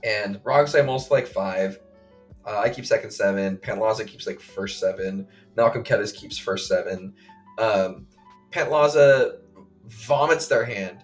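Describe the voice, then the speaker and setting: A man co-hosting a podcast, recounting a game play by play in casual chat, full of fillers and quick acted quotes. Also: on the low side, soft background music. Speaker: podcast co-host.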